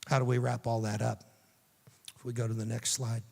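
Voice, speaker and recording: A man giving a youth sermon, telling the story dramatically and dropping to a hushed, tender voice for quoted lines. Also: medium pitch, level tone, normal speed, vocal fry, long reverb tail. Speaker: youth speaker.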